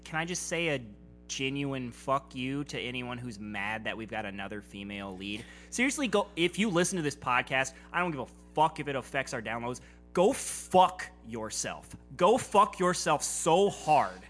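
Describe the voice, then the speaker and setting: A man's voice: medium pitch, lively intonation, brisk, pushed and bright, soft background music. A man co-hosting a podcast, talking bluntly and emphatically with plenty of swearing. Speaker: podcast co-host. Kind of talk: casual podcast chat.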